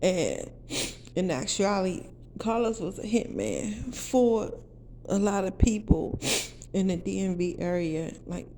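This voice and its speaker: Gravelly, profane DC woman in her sixties. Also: mid-range voice, animated, a little slow, dark tone, slight background noise. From Washington DC area. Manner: blunt, profane, fiercely emphatic. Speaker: vlogger telling her life story. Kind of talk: casual storytelling to viewers.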